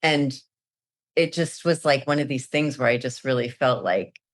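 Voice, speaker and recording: A middle-aged woman, an author being interviewed, telling stories in an animated way and laughing often. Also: rumbling low, moderate pace, no echo, clean studio sound. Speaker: author guest. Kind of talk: casual conversation.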